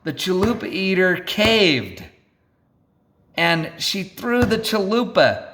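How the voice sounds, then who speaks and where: Male storyteller, slightly high voice, slow and deliberate, theatrical, keeps checking in with the room. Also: big pitch swings, a bit bright, a little hiss or hum. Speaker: storyteller speaker. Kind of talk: animated storytelling to an audience.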